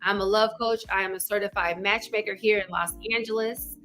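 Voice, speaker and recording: A middle-aged woman from Arkansas with a Southern accent, a love coach hosting a casual, energetic livestream and greeting viewers by name. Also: mid-range voice, fairly quick, soft background music. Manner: chatty, energetic, greets viewers by name, says "y'all" and "child".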